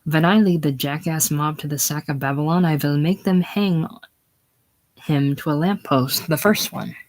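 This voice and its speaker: A man's voice: on the high side, unhurried, darkish tone, rough recording. A man voicing a drunk, rambling male anarchist, giggling one moment and frightened the next, in a play reading. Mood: ranting.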